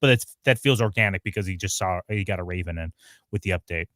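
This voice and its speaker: A man's voice: sits low, fast talker, a bit bright, no echo, studio quality. A man co-hosting a TV review livestream, talking casually, rambling and searching for names, with frequent laughs. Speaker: podcast co-host. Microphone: home mic on a livestream.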